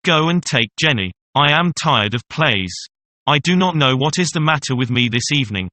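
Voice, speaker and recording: A man reading the lines of a scornful, teasing young woman in a classic story audiobook, with a bright tone. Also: mid-range voice, expressive, moderate pace. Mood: mocking. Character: young woman, mocking kept mistress.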